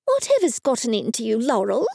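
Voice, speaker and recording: A woman's voice: fairly high pitch, wildly swooping pitch, fairly quick, creaky, dark tone, husky, dry recording, clean studio sound, exaggerated voice. A woman with an Australian accent voicing a fussy, scolding older mother.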